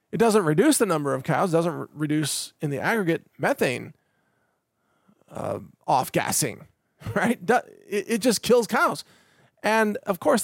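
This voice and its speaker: In a studio-quality recording without echo, a middle-aged podcast host with a creaky voice on the high side mocks the news in a casual monologue. He laughs at stories and often restarts, repeating words as he goes.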